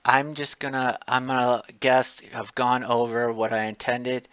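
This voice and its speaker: A man's voice: medium pitch, level tone, measured pace, fairly bright tone, smooth, dry recording, muffled recording. A male college lecturer giving a casual, digressive class lecture full of personal stories.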